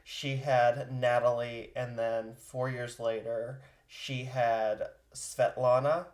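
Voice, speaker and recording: A man co-hosting a podcast who tells a life story in easy, conversational chat. His voice sits at a middle pitch. It carries a roomy echo. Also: little pitch movement, slow. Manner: laughs easily, recounts history conversationally. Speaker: podcast co-host.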